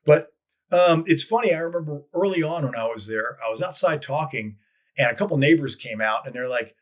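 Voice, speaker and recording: A man telling stories as a guest in a casual interview, rambling with frequent restarts and lively quoted voices. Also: on the high side, a little fast. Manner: rambling with many restarts, animated quoting. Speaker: guest, advertising copywriter. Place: lives in Dallas.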